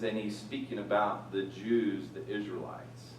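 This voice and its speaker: A man teaching scripture with a lively, up-and-down delivery, loud on quotes and hushed on asides. His voice sits fairly low and comes from some way off the mic in a roomy, echoing space with faint ambience. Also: moderate pace, recorded from a distance, slight background noise. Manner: animated, rising loud on quoted lines, dropping quiet for asides. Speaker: Bible teacher. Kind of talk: teaching on a Bible passage.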